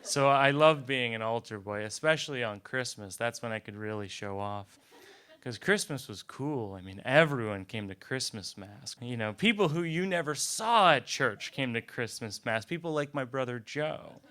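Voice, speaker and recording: A man's voice: mid-range voice, lively intonation, normal speed, bright, forceful tone, clear, resonant tone. A young man telling a comic personal story in a conversational, self-deprecating way, often stumbling over repeated words. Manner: conversational, self-deprecating, frequent stammered restarts. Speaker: comedian.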